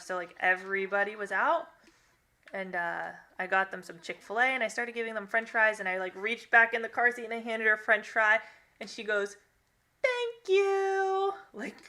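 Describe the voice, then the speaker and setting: A young woman talks casually to her viewers during a game stream, reading their comments aloud. She rambles and laughs often. Her voice is bright and crisp. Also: medium pitch. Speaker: gaming live-streamer.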